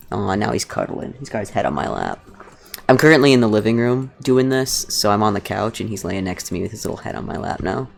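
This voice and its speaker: A woman's voice: rumbling low, sing-song, fast talker, gravelly, soft background music. A woman streaming from her living room couch, chatting casually and rambling as she embroiders, swearing now and then. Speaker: streamer making fursuit badges. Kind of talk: casual live-stream chat.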